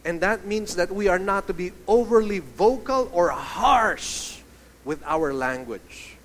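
A man preaching a sermon to a congregation, animated, asking the listeners questions and telling stories. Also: sits high, slow pace. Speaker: pastor.

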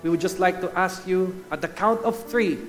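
A man's voice: sits high, normal speed, over music. A middle-aged man with a Filipino English accent, preaching an earnest sermon that builds to fervent peaks and calling the congregation "guys.". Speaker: pastor. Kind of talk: sermon with altar call.

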